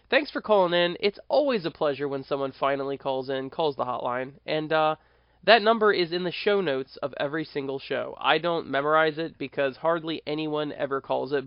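This chatty American podcast host, from the United States, has a voice on the high side with lively intonation and normal speed. He rambles and corrects himself in a conversational, casual monologue. The sound is dry and lo-fi.

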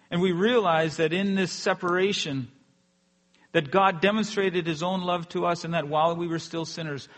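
A male pastor delivers a sermon in an earnest, measured way. His voice sits slightly high, and he lets each phrase sink quietly at the end. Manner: earnest, drops softly at phrase ends.

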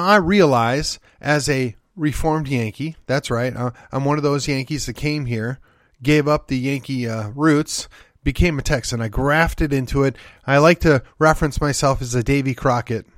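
A man's voice: mid-range voice, dry recording, studio quality. A man from Wisconsin hosting his own podcast, delivering an opinionated political monologue in a folksy, emphatic, sardonic way. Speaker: podcast host.

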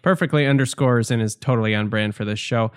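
A man's voice: mid-range voice, quick pace, smooth, dry recording, clean studio sound. A man co-hosting a casual podcast, joking and teasing his co-host. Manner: jokey, teasing banter.

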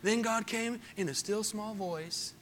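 Unhurried, a male pastor preaches in a high, bright, cutting voice, moving from quiet storytelling into loud, emphatic passages. He keeps turning to ask the congregation questions, with a faint hum of room noise behind him.

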